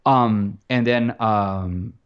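Man, low voice, rambling, lots of restarts, muffled lo-fi sound. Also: extremely slow, clean tone. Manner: rambling, animated, many restarts and fillers. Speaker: film composer guest. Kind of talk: casual interview talk.

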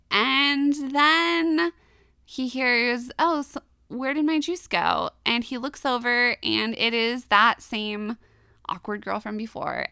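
A woman's voice: mid-range voice, vocal fry, clear, resonant tone, dry recording, clean studio sound. A woman co-hosting a podcast, casually retelling an anime episode with lots of laughs and quoted lines. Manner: giggly, animated retelling with quoted voices. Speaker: podcast co-host.

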